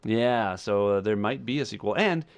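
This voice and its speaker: A man's voice: fairly low pitch, lively intonation, moderate pace. A man co-hosting a podcast in casual chat, weighing his opinions aloud. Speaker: podcast co-host.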